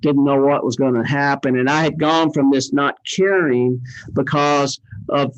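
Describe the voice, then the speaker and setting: A man's voice: medium pitch, steady tone, unhurried, no echo. An older man, an interview guest, telling his story in a rambling, earnest way with many fillers. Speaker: interview guest, cancer survivor. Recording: dull, dry lo-fi sound.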